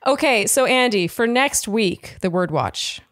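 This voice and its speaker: Chatty higher-voiced woman, dry close mic. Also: expressive, measured pace, a bit bright, no room sound. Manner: chatty, laughs often, trails off mid-sentence. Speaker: podcast co-host. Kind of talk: casual chat recapping a TV show.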